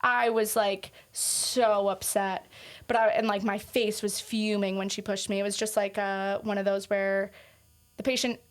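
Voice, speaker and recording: A woman on a podcast speaks at a middling pitch, lively and chatty, tumbling through her stories with plenty of "like" fillers. She keeps acting out what other people said to her as she talks. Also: measured pace. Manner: animated, quotes others often, lots of "like" fillers. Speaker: paramedic guest. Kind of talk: casual interview storytelling.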